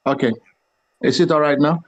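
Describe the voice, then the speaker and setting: A man's voice: fairly high pitch, fairly even intonation, dry recording, lo-fi sound. A man from the audience on a video call, respectfully and hesitantly working up to his question. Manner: respectful, hesitant, with many pauses. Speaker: audience member asking a question.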